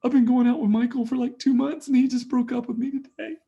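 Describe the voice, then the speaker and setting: A man voicing his upset fifteen-year-old daughter, pleading in a high, breathless way while demonstrating a conversation. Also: fast, creaky, mellow, muffled recording. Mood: distraught.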